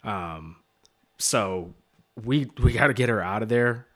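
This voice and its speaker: A man's voice: on the low side, takes it slowly, a bit bright. A man, a bar owner guest, speaking hesitantly with many fillers in casual chat.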